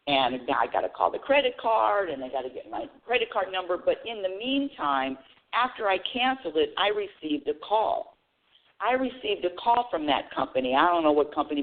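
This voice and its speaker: A woman hosting a spiritual talk radio show, telling a story straight to her audience with lots of restarts and repeated words. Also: fairly low pitch. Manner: animated storytelling, addresses audience directly. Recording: narrow phone-like radio sound.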